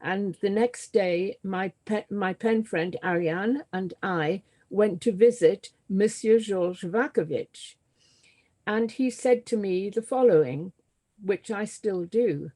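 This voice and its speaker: An older woman from Britain, a theatre designer, telling stories as a guest in a conversation, halting often with ums and restarts. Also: medium pitch, mellow. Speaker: guest, scenographer and author. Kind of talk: conversational storytelling.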